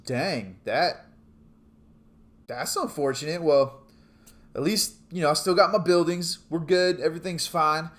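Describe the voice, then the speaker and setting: A man voicing a wealthy man who hears bad news and tries to stay calm, halting as he talks. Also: on the high side. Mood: shrugging. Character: rich man stunned by bad news, shrugging.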